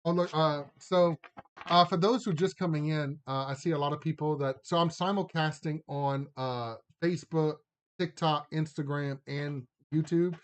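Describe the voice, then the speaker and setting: Chatty Cajun man, slightly high voice. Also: fairly even intonation, moderate pace, smooth. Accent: Cajun Louisiana. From Louisiana, Lafayette area. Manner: chatty, rambling, drawling "y'all", laughs often. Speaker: live-stream card reader. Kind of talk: casual live-stream chat and card reading.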